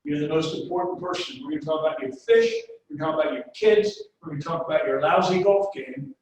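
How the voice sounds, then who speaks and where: Sales trainer, male, higher-pitched voice, folksy storyteller, recorded from a distance in an echoey room. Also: animated, fast talker, darkish tone. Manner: folksy, anecdote-driven, talks straight to the audience. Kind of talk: webinar sales presentation. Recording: echoey room, distant mic, faint noise.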